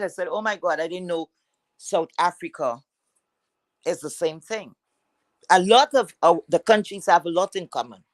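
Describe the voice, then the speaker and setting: A woman's voice: mid-range voice, fairly bright tone, no room sound, low-quality recording. Scornful Caribbean woman ranting, profane. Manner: repeats words for emphasis. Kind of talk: angry rant to viewers.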